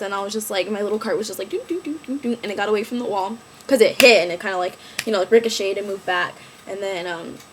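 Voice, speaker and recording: A woman's voice: medium pitch, slight background noise. A young woman on crutches telling the story of an accident in a casual vlog, chatty and full of fillers. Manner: chatty, filler-heavy, animated retelling. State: injured, on crutches. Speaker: vlogger.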